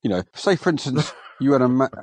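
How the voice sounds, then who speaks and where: A man's voice: medium pitch, lively intonation, a little fast, a little mellow, dry recording. A man co-hosting a casual film review podcast, chatty and defensive, with mild exclamations. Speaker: podcast co-host.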